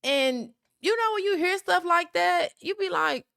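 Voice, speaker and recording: A woman's voice: very high-pitched, animated, measured pace, vocal fry, pushed and bright, dry recording, clean studio sound. A young woman from South Memphis with a Southern accent, talking candidly and emphatically on her solo podcast. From South Memphis, USA. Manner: candid, emphatic, keeps asking "right?". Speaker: podcast host.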